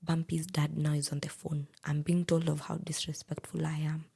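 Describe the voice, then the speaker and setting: Husky gravelly Kenyan woman. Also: low voice, moderate pace. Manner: animated, quotes others in dialogue. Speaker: guest telling her story. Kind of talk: personal storytelling.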